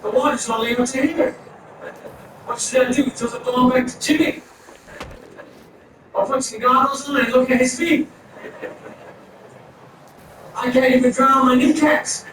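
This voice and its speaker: A man's voice: very high-pitched, fairly even intonation, measured pace, pauses often, noisy background. A man doing a stand-up set on a comedy club stage, rattling off absurd one-liners. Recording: echoey room from far off, audience ambience.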